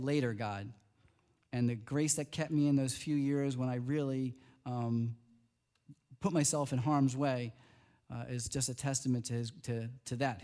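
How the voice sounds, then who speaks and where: A middle-aged man preaching a sermon as pastor, speaking casually and animatedly, his voice climbing high when he marvels. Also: warm tone.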